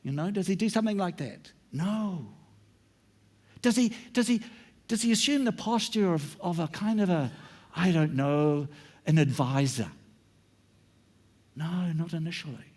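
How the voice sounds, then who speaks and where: A middle-aged male pastor preaching a sermon in a church, sometimes dropping into hushed whispers for emphasis. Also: sits high, unhurried, long pauses.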